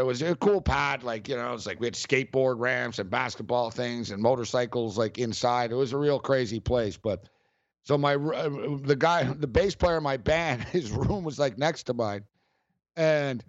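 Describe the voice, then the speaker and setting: A man's voice: mid-range voice, dry recording, muffled recording. A middle-aged man hosting sports talk radio, telling stories in a loose, rambling way with frequent laughs. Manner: rambling, storytelling, laughs often.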